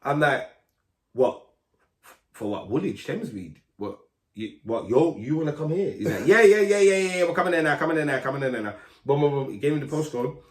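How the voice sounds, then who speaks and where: Man, lively storyteller, slang, echoey room. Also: fairly high pitch, a little fast. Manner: animated storyteller, acts out voices, street slang. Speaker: guest, grime MC. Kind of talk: casual storytelling interview. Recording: roomy echo.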